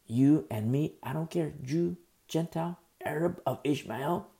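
A man reads and comments on scripture in an earnest, meandering sermon, tripping over difficult names. His voice is rough and gravelly, and his throat is sore, so he pauses often to sip tea. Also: fairly high pitch, dark tone. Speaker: pastor. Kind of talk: verse-by-verse Bible teaching.

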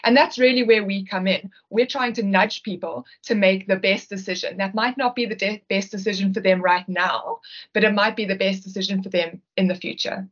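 A South African woman explains her work as a guest on a podcast, taking her time and pausing to rephrase. Her voice sits at a middle pitch. The audio is slightly muffled. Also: steady tone. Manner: explanatory, measured, with occasional restarts. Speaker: guest, behavioural linguistics consultant. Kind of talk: podcast interview.

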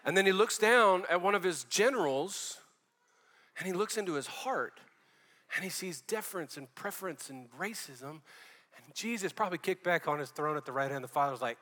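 A man's voice: sits high, animated, moderate pace, pushed and bright, big-room sound. A man preaching a sermon as pastor, fervent and conversational, dropping casual slang as he talks.

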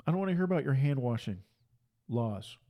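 A man's voice: medium pitch, lively intonation, brisk, dark tone. A man preaching a fiery sermon, emphatic and hammering his points through repetition. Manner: emphatic, repeats phrases for force.

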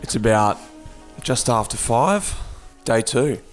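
A man's voice: medium pitch, expressive, slow pace, faint music behind. A man hosting a cycling podcast outdoors, chatting upbeat with fellow riders along the route. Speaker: podcast host. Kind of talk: casual chat while cycling.

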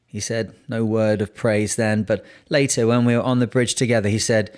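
A man narrating a seafaring memoir in a steady, measured reading voice. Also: lowish voice. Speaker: audiobook narrator.

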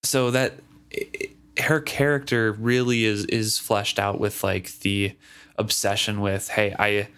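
A man with a somewhat low voice co-hosting a casual book discussion podcast. He rambles a bit, restarting his sentences and leaning on fillers as he thinks aloud. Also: flat delivery, unhurried, fairly bright tone, clean tone. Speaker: podcast co-host.

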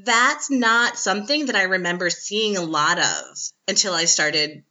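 A woman's voice: mid-range voice, lively intonation, measured pace, pushed and bright, highs cut off. A woman hosting a podcast interview, chatting casually, laughing often and saying "like" a lot. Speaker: podcast host.

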